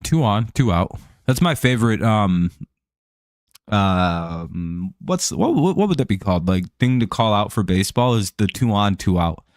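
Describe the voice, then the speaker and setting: Rambling low-voiced man calling a game. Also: very animated, normal speed, no echo, clean studio sound. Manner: rambling, lots of fillers and restarts, chuckles often. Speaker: live-stream host. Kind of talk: casual live watch-along baseball commentary.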